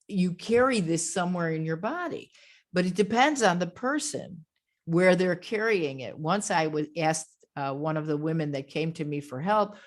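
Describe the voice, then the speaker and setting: A woman grief counselor giving a webinar lecture over a video call, calm and gentle, with frequent fillers. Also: low-pitched.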